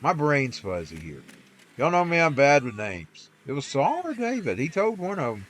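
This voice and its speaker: Pitched fairly high and swooping wildly, his voice moves at a moderate pace with a slightly bright sound and a faint hiss or hum. He's a streamer making casual chat as he plays, drifting into folksy, preachy ramblings on faith and scripture.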